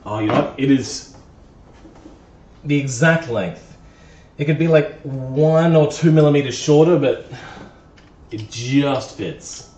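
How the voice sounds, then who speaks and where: A man live-streams from a garage or workshop while working on a car, chatting to himself in a playful, self-mocking way. His mid-range voice is a little mellow, and the distant mic gives an echoey, dull sound with a little hiss or hum.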